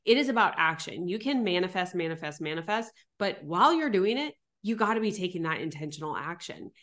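A woman's voice: on the low side, very animated, fairly quick, a bit bright. A woman hosting a podcast interview, emphatic and encouraging, asking long run-on questions. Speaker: podcast host. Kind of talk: casual interview.

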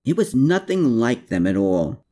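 A man's voice: medium pitch, very animated, a little slow, warm tone. A man reading an audiobook voices a shaken young war veteran who speaks earnestly and pleadingly. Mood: haunted, earnest. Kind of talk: audiobook character voice.

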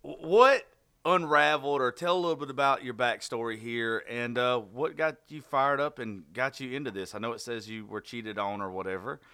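A man's voice: mid-range voice, normal speed, sharp tone, smooth. A man with a Southern US accent hosting a casual podcast interview, laid-back and profane, stumbling when he reads aloud. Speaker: podcast host.

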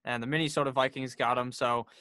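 A man's voice: mid-range voice, fairly even intonation, quick pace, bright, forceful tone, dry recording, clean studio sound. A man hosting a casual sports podcast, joking and swearing freely as he runs through picks. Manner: profane, joking, brash. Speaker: podcast host.

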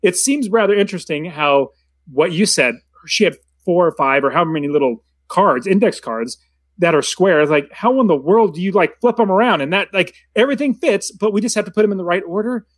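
A man's voice: high-pitched, expressive, a little fast, breathy edge, dry recording. Rambling man in a dry close recording. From United States. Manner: rambling, many restarts and fillers. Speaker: podcast co-host. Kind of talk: casual movie discussion.

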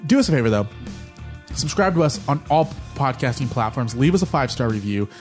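A man's voice: medium pitch, animated, brisk, a little mellow, faint music behind. A man co-hosting a podcast in casual chat, joking and telling rambling stories. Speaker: podcast co-host.

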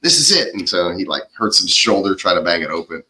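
A man on a podcast eagerly recaps a film scene by scene, laughing along as he goes. His voice sits on the low side but has a bright, forward edge. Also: quick pace, low-quality recording. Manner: animated retelling, laughs often. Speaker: podcast co-host. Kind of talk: casual movie recap.

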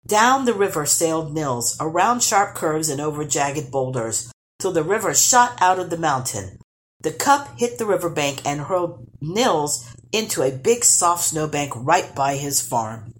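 Animated woman reading a storybook. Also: deep voice, measured pace, slight background noise. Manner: expressive, animated narration. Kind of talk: storybook read-aloud.

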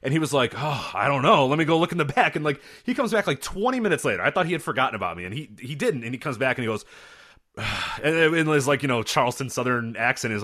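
A man talks fast in casual podcast chat, and his pitch jumps around a lot. He acts out the people in his stories as he tells them. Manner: animated storyteller, acts out voices in anecdotes. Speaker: podcast co-host.

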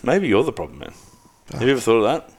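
Teasing man with a lively voice. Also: mid-range voice, fast, slightly rough. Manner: teasing, joking banter. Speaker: podcast co-host. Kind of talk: casual podcast chat.

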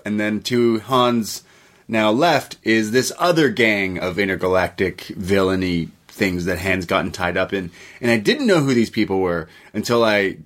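A man's voice: on the low side, moderate pace, fairly bright tone. A man co-hosting a movie review chat, retelling scenes animatedly, swearing freely and slipping into quoted voices. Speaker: co-host of a movie review show. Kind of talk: casual chat.

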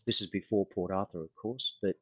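Deep, husky Australian man telling a story. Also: a bit bright, no room sound, highs cut off. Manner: unhurried, anecdotal, with frequent fillers and restarts. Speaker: guest, former police officer. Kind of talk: casual storytelling in an interview.

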